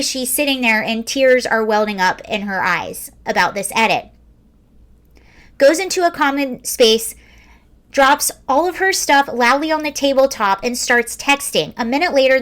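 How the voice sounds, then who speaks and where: A woman's voice: high voice, fairly bright tone. A woman in her early forties hosting a casual video, reading a story aloud with wry, sarcastic commentary. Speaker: video host.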